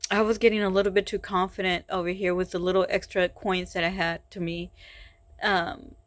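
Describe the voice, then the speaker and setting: Woman, exhausted, frustrated, halting speech, sighs, dry close recording. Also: lowish voice, flat delivery, dry recording. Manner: halting, weary, full of sighs and restarts. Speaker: vlogger. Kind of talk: personal confessional vlog.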